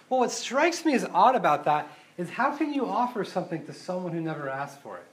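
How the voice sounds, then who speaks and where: High-voiced man preaching casually. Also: sing-song, brisk, hardly any pauses, husky. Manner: casual, rhetorical questions, tag "right?"; swings between loud emphasis and quiet asides. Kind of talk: conversational sermon.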